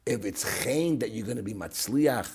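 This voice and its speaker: Animated husky man telling a story. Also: on the low side, normal speed. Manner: animated storytelling, swings from loud to hushed. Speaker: guest recalling his father. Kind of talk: storytelling interview.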